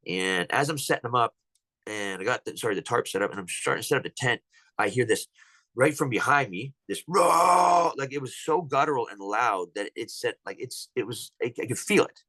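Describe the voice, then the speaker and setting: Podcast guest, male, rapid and rambling storyteller with frequent restarts. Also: mid-range voice, bright, forceful tone, no echo, rough recording. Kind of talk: telling a personal encounter story.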